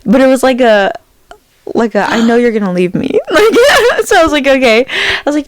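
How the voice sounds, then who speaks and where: A woman's voice: on the high side, sing-song, brisk, dry recording. A woman in her twenties co-hosting a podcast, chatting casually and telling a story while acting out the voices of the people in it. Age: 20s. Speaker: podcast co-host. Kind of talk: casual chat.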